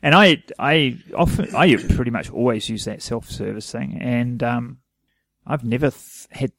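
A man's voice: mid-range voice, unhurried, fairly bright tone, no room sound. Easygoing New Zealand man on a podcast. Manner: easygoing, laughs readily, digresses. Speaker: podcast co-host. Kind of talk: casual chat.

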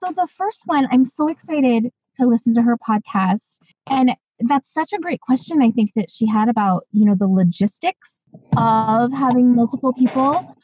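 A woman co-hosting a podcast, chatting casually and excitedly with lots of fillers. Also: a little high, moderate pace, breathy edge, no room sound, muffled recording. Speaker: podcast co-host. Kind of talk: casual chat.

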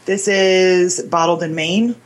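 A pregnant woman co-hosting a casual beer tasting stream, describing the beers flatly and showing exasperation at her co-host. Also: lowish voice, takes it slowly. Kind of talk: casual beer review chat.

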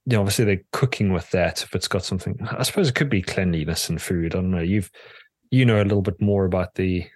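A man's voice: deep voice, quick pace, a little mellow, slightly rough, dry recording, clean studio sound. A man from the UK co-hosting a podcast, thinking aloud in a hesitant way with trailing questions. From United Kingdom. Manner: hesitant and musing, many fillers and trailing questions. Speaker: podcast co-host. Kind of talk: casual chat.

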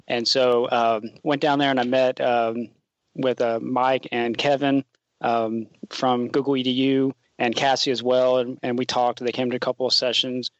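A man, a teacher advisor guesting on a podcast, telling a story in a relaxed way with many fillers. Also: mid-range voice, normal speed, no room sound, muffled recording. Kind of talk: storytelling in an interview.

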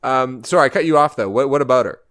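A man's voice: mid-range voice, fast talker, fairly bright tone. A man co-hosting a casual podcast chat, hesitant and full of fillers and restarts.

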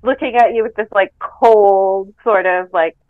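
A woman's voice: medium pitch, steady tone, unhurried, dry recording. A woman from Canada, a reality show contestant, chatting casually in a podcast interview, rambling and laughing often. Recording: dull lo-fi call audio.

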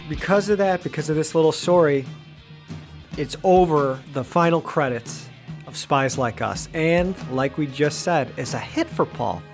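A man's voice: a little high, measured pace. A man co-hosting a podcast, chatting casually about music and production. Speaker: podcast co-host.

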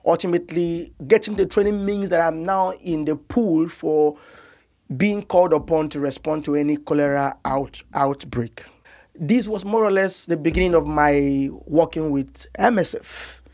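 A man's voice: a little high, moderate pace, darkish tone. A young man from Nigeria, a doctor, telling his story earnestly and with emotion in an interview, often repeating words as he searches for them. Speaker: guest doctor.

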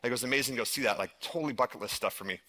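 Male speaker, bright forward tone, animated storyteller addressing a conference crowd. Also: mid-range voice, rapid-fire. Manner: animated storytelling, heavy use of "like". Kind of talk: live stage presentation.

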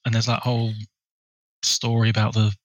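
A man co-hosting a film podcast, measured and informative, steering the conversation. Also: lowish voice, completely flat delivery, no room sound, lo-fi sound. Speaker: podcast co-host. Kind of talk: casual film chat.

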